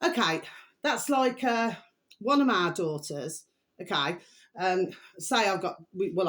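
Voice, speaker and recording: A middle-aged woman, rambling through a casual opinion monologue as a vlog host, chatty and emphatic, with repeated pet phrases. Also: fairly low pitch. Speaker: vlogger host.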